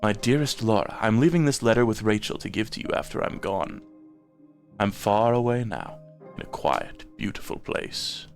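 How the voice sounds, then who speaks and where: A man putting on an old man's voice to read out a tender letter, slow and gentle with dips into a low croak. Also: animated. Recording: game music underneath.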